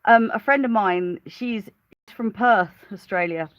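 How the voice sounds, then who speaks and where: A smallholder vlogger, outdoors by her car, chats unhurriedly on a live stream in a medium-pitched voice. She rambles, laughs often and greets viewers by name. The recording is muffled, with no room sound.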